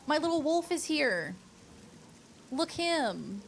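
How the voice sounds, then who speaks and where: A woman's voice: sits high, big pitch swings, unhurried, a little hiss or hum. A woman streamer chatting casually and thanking viewers in a bubbly, talkative way. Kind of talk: casual live-stream chat.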